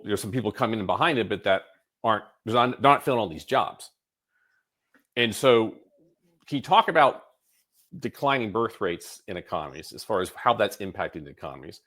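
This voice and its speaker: The podcast host's voice is fairly low in pitch with a fairly bright tone. His casual interview questions run long and rambling, full of fillers and restarts.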